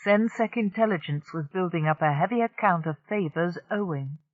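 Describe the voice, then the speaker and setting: A steady audiobook narrator carrying a science-fiction story with even, composed delivery. The voice sits mid-pitch, recorded dry and close, with a slightly dull, lo-fi sound. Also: normal speed, no echo.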